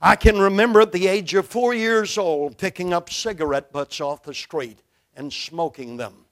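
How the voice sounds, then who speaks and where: Older male preacher from Brooklyn, high-pitched and emphatic, booming then hushed, pulpit sermon. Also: moderate pace. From Brooklyn, New York. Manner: emphatic, dramatic swings in loudness. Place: church, behind a pulpit.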